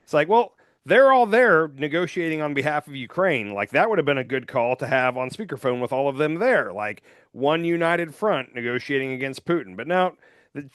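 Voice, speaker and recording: A man hosting a podcast, chatting casually about politics in an animated, joking way, often trailing off quietly at the end of a thought. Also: medium pitch, dry recording, clean studio sound. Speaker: podcast host.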